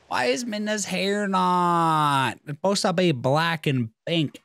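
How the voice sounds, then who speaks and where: A man giving let's-play commentary, swinging from high excited yelps to low grumbling mutters and laughing often. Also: very slow, vocal fry, no echo. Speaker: gaming YouTuber.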